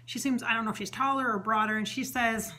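A woman talks through a spirit-channeling session in a loose, chatty ramble, full of "um" and "you know" and restarts. Her voice is bright and forward, and her tone stays earnest and heartfelt as she passes on what she says the spirit tells her. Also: fairly high pitch, steady tone, fast. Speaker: psychic medium host. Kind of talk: spontaneous channeling session monologue.

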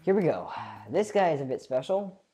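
Excitable female let's play host, rambling and chatty, very deep, lively pitch. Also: normal speed, slight background noise. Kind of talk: gameplay commentary.

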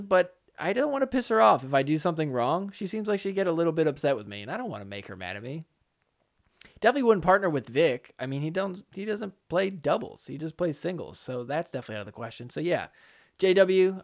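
A man hosting a solo pickleball commentary podcast, talking casually and joking around. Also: high-pitched. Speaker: podcast host.

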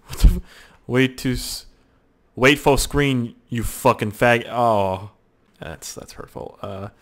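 A young man doing loud, excitable gaming commentary, swearing, yelping and shouting as he plays. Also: mid-range voice, slow. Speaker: gaming YouTuber.

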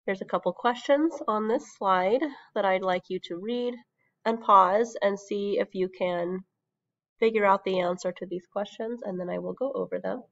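Woman teacher, sick voice, steady explaining with ums, dry close sound, muffled recording. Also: mid-range voice, moderate pace, dry recording. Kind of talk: recorded lesson over slides.

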